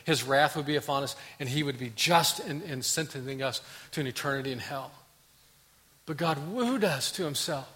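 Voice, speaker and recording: A man preaching a sermon as pastor, swinging from loud, emphatic passages to quiet, hushed ones. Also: mid-range voice, moderate pace. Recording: long hall reverb.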